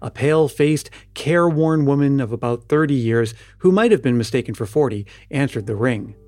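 A man narrating an audiobook in a steady, measured storytelling manner. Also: medium pitch, dry recording, soft background music. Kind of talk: scripted narration.

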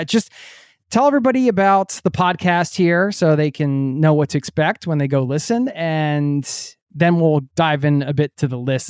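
A man's voice: fairly high pitch, darkish tone, no echo, studio quality. A man hosting a travel podcast, enthusiastic and chatty. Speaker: podcast host.

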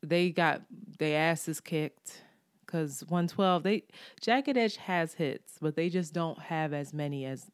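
Woman podcast co-host, animated storyteller who laughs a lot; lower-pitched voice, recorded dry and close. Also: slow, clean tone, dry recording. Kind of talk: casual chat.

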